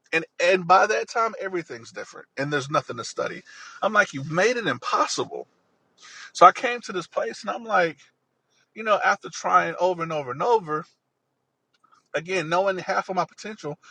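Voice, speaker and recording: A man's voice: a little high, vocal fry, pushed and bright, husky, poor audio. A man telling a personal story in an earnest, rambling way, often repeating himself.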